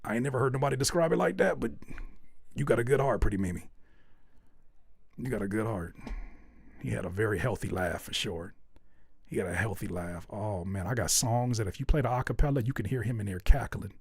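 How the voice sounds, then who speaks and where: A man hosting a music feedback stream in casual chat, jokey and repetitive, switching between loud outbursts and low mutters. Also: brisk, creaky, long pauses, slightly rough, dry recording, clean studio sound. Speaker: host reviewing music submissions.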